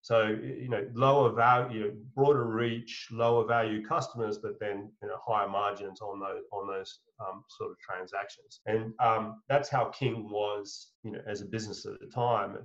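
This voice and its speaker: A man's voice: fairly low pitch, level tone, normal speed, hardly any pauses, fairly bright tone. A man telling a long anecdote as an interview guest, rambling with many fillers and restarts and swearing casually. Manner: chuckles while telling a story. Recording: slightly muffled audio.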